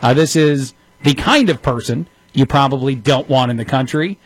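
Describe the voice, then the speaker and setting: A man's voice: mid-range voice, breathy edge, dry recording. A man in his thirties hosting a radio talk show, giving opinionated commentary with a sarcastic edge and many fillers. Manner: sarcastic, rapid-fire delivery with frequent fillers.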